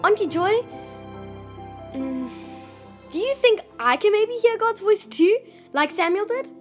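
A woman's voice: very high-pitched, expressive, unhurried, faint music behind. A woman voicing a curious young girl who eagerly asks questions. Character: curious, wide-eyed young girl listener.

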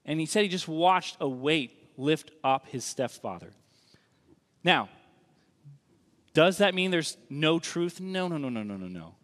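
A man's voice: on the high side, big pitch swings, fairly bright tone. Emphatic man preaching in a hall. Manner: conversational, emphatic, slows down for key lines. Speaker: pastor. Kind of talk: sermon. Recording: long reverb of a large hall.

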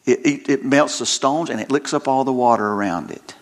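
A man's voice: medium pitch, brisk. A male preacher delivering a sermon, retelling scripture stories dramatically and often repeating words as he restarts his sentences.

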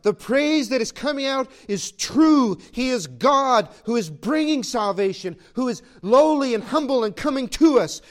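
A male pastor delivers a sermon in a high-pitched voice. He moves between ringing, raised declarations and soft, intimate asides, laughing between points. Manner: animated, swings from loud proclaiming to quiet asides, laughs between points.

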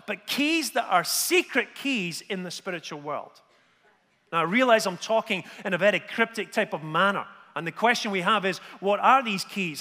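A man's voice: high-pitched, pushed and bright. A man preaching a conversational sermon, asking his listeners rhetorical questions. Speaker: pastor. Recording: long hall reverb.

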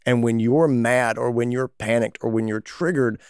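A man co-hosting a podcast, talking casually and animatedly, often jumping up in pitch when he acts out what other people say. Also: moderate pace, smooth, no room sound, clean studio sound. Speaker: podcast co-host, veterinarian.

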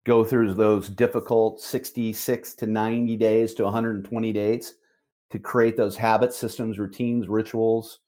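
A middle-aged man, a managing broker, giving an emphatic motivational talk on a call, repeating key phrases with slow, deliberate stress. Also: lowish voice, flat delivery, mellow.

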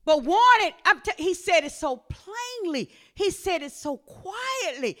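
A woman preaching, swinging from quiet talk to shouted exhortation. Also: very animated, measured pace, few pauses. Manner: impassioned, rising to shouts then dropping low.

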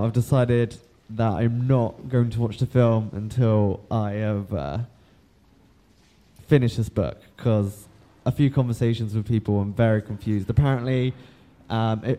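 A man's voice: medium pitch, warm tone, smooth. A man hosting a podcast in casual chat, rambling with lots of ums, laughing and swearing as he goes. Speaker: podcast host.

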